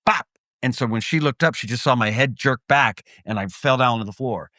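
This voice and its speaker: A middle-aged man co-hosting a podcast, telling stories with lively energy and swearing freely. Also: medium pitch, a little fast, no room sound, studio quality. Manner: lively storyteller, acts out voices, swears freely. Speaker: podcast co-host. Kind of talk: casual chat, animated storytelling.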